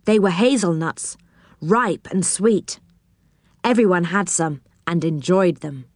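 Gentle woman reading a children's storybook. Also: lowish voice, takes it slowly, no echo. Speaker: narrator.

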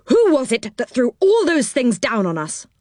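A woman voicing an angry grown man who shouts and scolds, in a storybook reading. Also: huge pitch swings, moderate pace, no echo, clean studio sound. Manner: loud scolding, high-pitched yells.

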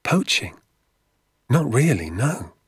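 A curious young boy, anxious and eager, played by a man reading a storybook aloud, his voice lifted well above the reader's own low tone. The questions come out slowly, rising at the ends, in a dry, close sound. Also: very animated, slightly rough, no echo, heavily acted.

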